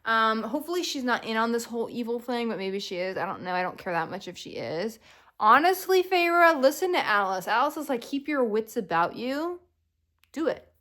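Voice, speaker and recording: Chatting to camera as a book vlogger, a young woman talks casually and animatedly about what she's reading. Her voice is on the high side and a little fast, she leans heavily on "like," and she drops into playful mock quotes of the characters.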